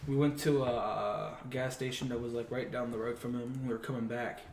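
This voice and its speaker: Young man, excitable anecdote teller, slight background hiss. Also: medium pitch, gravelly. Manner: rapid, excitable, swears a lot. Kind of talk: casual storytelling among friends. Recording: echoey room, mic far off, faint noise.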